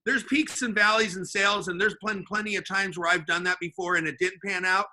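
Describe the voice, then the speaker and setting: A man, a sales manager and podcast guest, telling an animated story and acting out the dialogue with voices. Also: high voice, brisk, a crowd in the background. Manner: acts out the dialogue in his stories with voices. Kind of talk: animated storytelling in casual chat.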